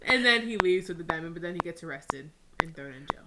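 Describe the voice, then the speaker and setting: A woman's voice: lowish voice, lively intonation, fast, heavy background noise. A woman co-hosting a casual podcast, retelling movie scenes with lots of laughter. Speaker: podcast co-host.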